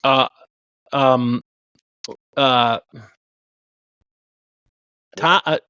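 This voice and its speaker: A man's voice: mid-range voice, steady tone, drawn-out words, sharp tone, clean tone, no echo. Chatty male podcast host, dry and dull. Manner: loose, chatty, lots of fillers and restarts. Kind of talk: casual podcast chat.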